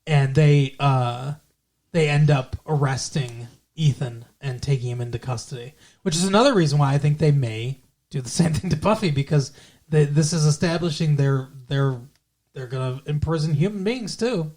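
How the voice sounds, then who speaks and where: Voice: mid-range voice, normal speed, a little mellow. A podcast co-host casually retelling a TV episode, rambling with lots of filler words. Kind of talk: casual recap chat.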